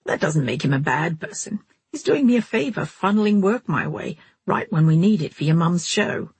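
A woman's voice: lowish voice, expressive, normal speed, a little mellow, husky, no echo, heavily acted. A woman reading an easygoing musician dad. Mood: reassuring. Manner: matter-of-fact, a little distracted. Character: easygoing middle-aged father, a musician.

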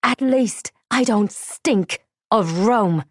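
A woman's voice: mid-range voice, unhurried, a little mellow, lightly acted. A woman voicing a defiant young female captive who answers back sharply. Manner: defiant, biting.

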